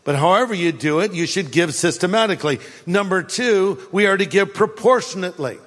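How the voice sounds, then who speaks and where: A man's voice: high-pitched, expressive, a little fast, a bit bright, long reverb tail. An older man and grandfather preaching a sermon as a pastor, telling stories with animation, dry sarcasm and emphatic repetition.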